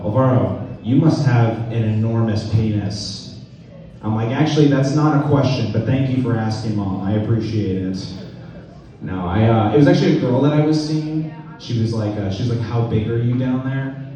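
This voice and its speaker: A young man doing a stand-up comedy set, with deadpan delivery and slow-landing punchlines. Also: medium pitch. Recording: echoey room from far off the mic.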